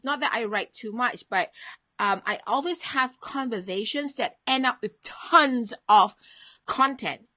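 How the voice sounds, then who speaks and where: A woman hosts a motivational live stream from her home in a bright, forceful voice pitched a little high. She chats in a loose, friendly way, greeting viewers by name and reading their comments aloud. The sound is dry and close. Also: a little slow, dry recording.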